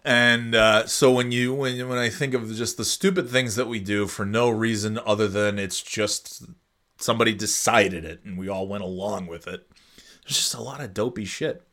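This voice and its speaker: A man's voice: fairly low pitch, moderate pace, a bit bright. A man in his forties chatting casually and alone as a podcast host, rambling and sarcastic, slipping into silly voices. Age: 40s. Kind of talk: casual solo chat.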